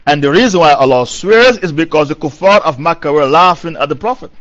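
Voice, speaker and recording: A man's voice: on the high side, expressive, a little fast, few pauses, fairly bright tone. A man giving a Quran commentary lecture who recites Arabic verses, then translates and explains them, repeating key phrases for emphasis. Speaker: preacher. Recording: dull lo-fi recording.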